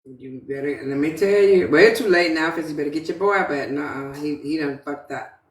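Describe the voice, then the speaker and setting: A woman's voice: low-pitched, brisk, slight background noise. Woman guest, heated and profane, roomy distant phone sound. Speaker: guest in a live audio chat room. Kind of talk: casual live-stream chat.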